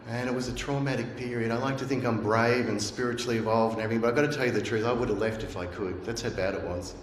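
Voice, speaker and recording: A man's voice: mid-range voice, steady tone, quick pace, few pauses. Middle-aged man, sermon storytelling, earnest, echoey church hall, faint room hiss. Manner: earnest storytelling, acts out remembered voices. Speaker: guest speaker. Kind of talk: sermon told as personal story. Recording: roomy echo.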